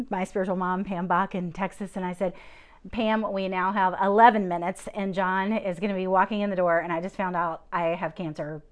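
A middle-aged woman giving a testimony into a handheld microphone, telling her story with laughter and acting out the voices of the people in it, then leading a prayer. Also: mid-range voice. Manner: lively, laughing, acts out quoted voices. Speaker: guest speaker giving a testimony.

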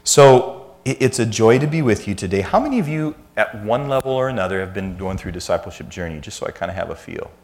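A man's voice: on the low side, expressive, quick pace, few pauses, a little mellow. A man in his fifties, a church speaker giving a conversational sermon full of self-deprecating family anecdotes.

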